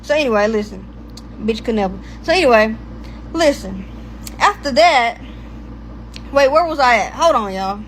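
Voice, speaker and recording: A young woman with a high voice tells a personal story straight to her audience. Her delivery is loose and full of swearing, and she drifts off track and asks herself where she was. There is a faint hiss under her voice. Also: lively intonation, moderate pace, long pauses, low-quality recording. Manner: profane, rambling, loses her place. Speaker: storytime vlogger. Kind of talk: casual storytime monologue.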